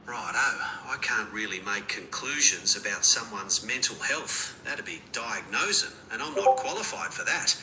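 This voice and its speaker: Bright Australian-accented male assistant voice. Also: fairly low pitch, animated, unhurried, few pauses, roomy sound, slight background noise, rough recording. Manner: laid-back, slangy, noncommittal. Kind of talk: conversational answers.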